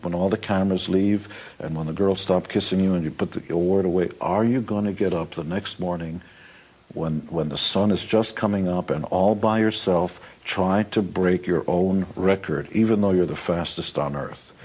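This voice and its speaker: A very deep-voiced man with a husky edge talks bluntly and wryly in an interview. His advice comes out plain and punchy, laced with dry humor. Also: a little mellow. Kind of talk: motivational interview talk.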